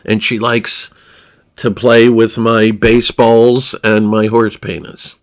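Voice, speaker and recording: A man's voice: on the low side, little pitch movement, slow. A man livestreaming in a crude, rambling, profane way, often laughing at himself. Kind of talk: crude casual stream chatter.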